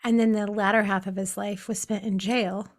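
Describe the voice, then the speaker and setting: A woman's voice: medium pitch, flat delivery, moderate pace. A woman co-hosting a podcast, talking casually and reflectively and telling anecdotes with frequent laughs. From Pacific Northwest of the US. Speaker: podcast co-host. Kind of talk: casual conversation.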